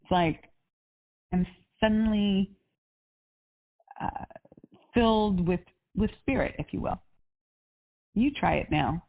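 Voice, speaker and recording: A woman life coach talks with a client on a call, upbeat and encouraging, with a spiritual bent. Her voice sits at an ordinary pitch for a woman. It comes through thin and tinny, like a phone line. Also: slow, creaky, long pauses.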